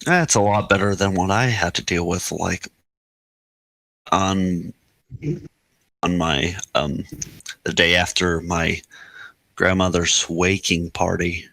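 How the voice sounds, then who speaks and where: Male game master, deep and unhurried, halting casual chatter. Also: fairly even intonation, creaky, sharp tone, dry recording. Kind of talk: casual chat between game sessions.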